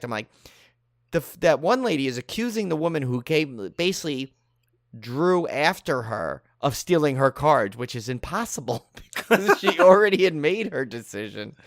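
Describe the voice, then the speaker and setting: A man of medium pitch co-hosts a podcast, chatting casually and telling a lively story in which he acts out each quoted person. The recording is dry, with clean studio sound.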